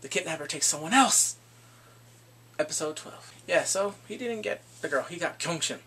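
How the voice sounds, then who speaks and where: Animated man with a gravelly voice. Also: on the high side, normal speed. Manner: animated, acts out characters, laughs often. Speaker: drama reviewer. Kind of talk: casual episode recap.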